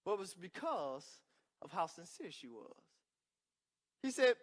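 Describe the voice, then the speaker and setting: Preaching at a measured pace, this male pastor has a high voice marked by wide pitch swings. His sermon alternates loud declarations with quiet remarks, punctuated by emphatic call-and-response moments.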